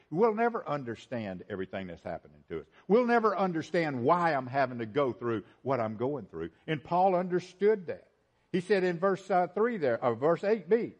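Male preacher, somewhat high voice, lively pitch swings, emphatic repetition. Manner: emphatic preaching with repeated phrases; swings from loud high emphasis to low quiet asides. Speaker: pastor. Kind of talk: sermon.

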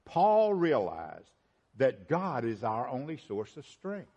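A man preaching a sermon, repeating phrases for emphasis and swinging between loud, high emphasis and low, quiet asides. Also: wildly swooping pitch, slow, muffled recording. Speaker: pastor.

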